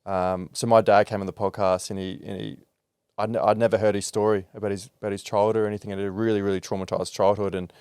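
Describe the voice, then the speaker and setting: A man's voice: lowish voice, flat delivery, fast talker, a little mellow, clean tone, no echo, studio quality. A man hosting a podcast, talking openly and reflectively about emotional experiences in a loose conversational way. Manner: candid and reflective, with frequent fillers and restarts. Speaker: podcast host.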